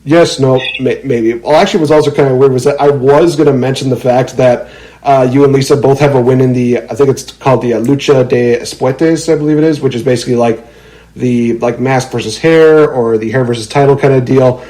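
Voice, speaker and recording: A man's voice: medium pitch, fairly even intonation, brisk, warm tone, low-quality recording. A young man hosting a podcast, giving playful hype-style guest introductions. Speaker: podcast host.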